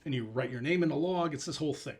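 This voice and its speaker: A man's voice: on the high side, fast, slight background noise. A man, a guest on a show, telling a long story in a loose, rambling way. He acts out bits of dialogue as he goes. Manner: rambling, with many restarts and fillers. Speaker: guest, small business founder. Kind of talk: casual storytelling in conversation.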